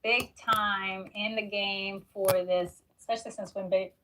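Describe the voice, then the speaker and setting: A woman's voice: mid-range voice, fairly even intonation, measured pace, pushed and bright, recorded from a distance, slight background noise, low-quality recording. A woman criminal defense attorney giving casual commentary, chatty and rambling with many fillers. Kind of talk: casual commentary on a news story.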